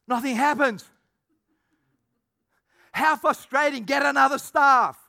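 A pastor preaches a sermon slowly in a creaky voice, animatedly acting out quoted voices. He swings between shouted lines and low asides.

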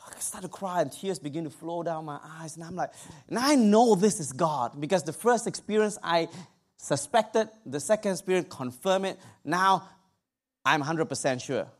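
A man's voice: fairly high pitch, normal speed. A man preaching a sermon, telling a personal story with humor and asides to his congregation. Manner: humorous, animated testimony with asides to the audience.

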